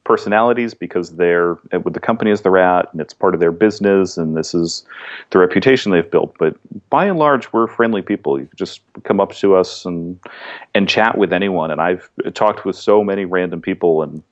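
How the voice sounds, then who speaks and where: A man talking as a podcast guest in a relaxed, rambling way with many restarts. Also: sits low, brisk, dull audio. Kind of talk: casual interview chat.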